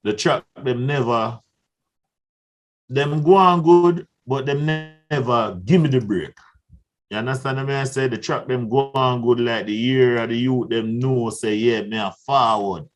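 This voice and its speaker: A man's voice: medium pitch, unhurried, faint music behind. A young man with a Jamaican accent telling stories in a casual interview, laughing often and acting out the voices of people in his tale. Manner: animated storyteller who laughs often and acts out voices. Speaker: guest artist.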